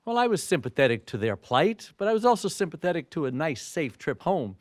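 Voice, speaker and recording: A man in his sixties gives a motivational speech as an animated storyteller. His voice sits high and moves a lot in pitch. The recording is close and dry. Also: fairly quick, hardly any pauses, no echo. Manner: animated storyteller who acts out dialogue. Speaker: motivational speaker.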